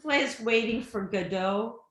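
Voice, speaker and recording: A woman's voice: fairly high pitch, unhurried. Woman, from Vermont, podcast co-host, playful, laughs easily, echoey room. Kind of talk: casual podcast banter and guest introduction.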